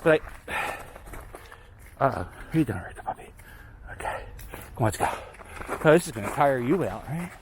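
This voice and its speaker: A man talking on a walk through an abandoned snowy waterfront, his pitch swinging up and down as he chatters. He keeps up a loose, wandering commentary and keeps turning to talk to his dog. Outdoor noise runs clearly under the handheld camera audio. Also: big pitch swings, moderate pace, long pauses. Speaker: vlogger exploring abandoned sites. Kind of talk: casual walking commentary.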